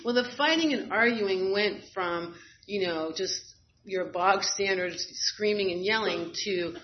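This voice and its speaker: A woman's voice: medium pitch, a little slow. A woman candidly telling a personal story in a frank, wry way, with fillers and bursts of laughter. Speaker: guest sharing a personal story. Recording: slightly dull audio with faint noise.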